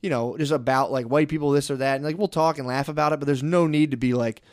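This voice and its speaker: A young man talking casually on a podcast, rambling and profane, telling animated stories. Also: a little high, fast talker, dry recording, studio quality. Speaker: podcast co-host.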